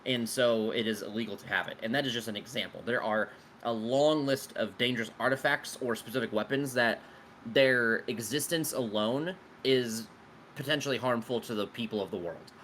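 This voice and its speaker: A man at a mid pitch with a bright, forceful voice, talking as a game master who answers his players' questions about his world. He rambles loosely, piles on fillers and drops casual swears. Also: moderate pace, slight background noise.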